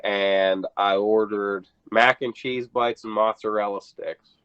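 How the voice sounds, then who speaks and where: A man's voice: on the low side, fairly even intonation, takes it slowly, fairly bright tone, smooth, highs cut off. A man co-hosting a podcast, laid-back, chiming in and then starting his own story. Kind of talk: casual podcast chat.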